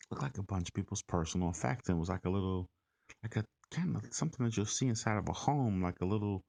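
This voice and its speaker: Very deep, gravelly-voiced man. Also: darkish tone, no echo. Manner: loose, filler-heavy, conversational. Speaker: vlogger. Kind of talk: rambling storytelling.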